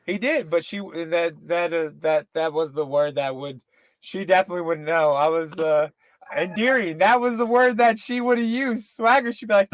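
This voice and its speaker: Guy with a high voice cracking jokes and cursing on a podcast, dry mic. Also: fairly even intonation, no echo. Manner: rambling, swearing, quick impressions. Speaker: podcast co-host. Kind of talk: casual profane chat.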